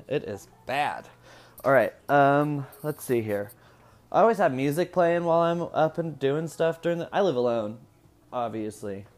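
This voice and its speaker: A man's voice: mid-range voice, animated, moderate pace. A man in his twenties from Indiana, talking at home in a rambling, profane casual chat and laughing often. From Indiana, USA. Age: 20s. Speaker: vlogger.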